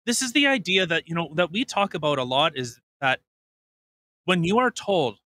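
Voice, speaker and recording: A man from Canada co-hosts a casual podcast, blunt and teasing, tripping over restarts. His voice sits a bit high for a man and sounds bright and forward. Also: sing-song, normal speed. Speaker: podcast co-host.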